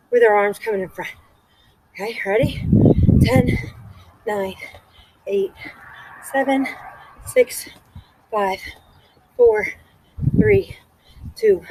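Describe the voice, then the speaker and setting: A woman's voice: fairly high pitch, vocal fry, a little mellow, dry recording, low-quality recording. A woman fitness instructor leading a guided workout, out of breath, counting reps aloud and encouraging.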